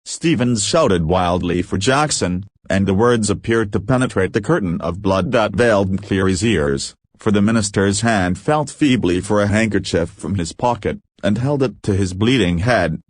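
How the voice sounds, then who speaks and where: A man narrating a story as an audiobook reader in a measured, deliberate way. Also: lowish voice, expressive, no echo.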